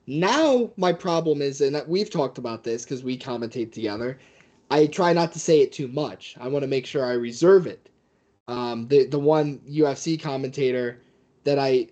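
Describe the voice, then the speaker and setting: A man who works as a fight commentator, telling stories as a guest in a casual interview with a mid-pitched voice. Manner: animated storyteller.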